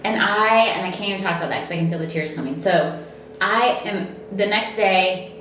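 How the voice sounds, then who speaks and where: A woman's voice: mid-range voice, fairly quick, slight background noise. Woman storyteller, distant and echoey. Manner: animated storyteller, acts out dialogue. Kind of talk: casual chat, storytelling.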